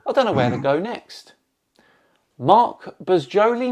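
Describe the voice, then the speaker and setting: A man's voice: a little high, sing-song, unhurried, a little mellow. A man from England hosting a channel, reading hostile viewer comments aloud with dry, sarcastic replies.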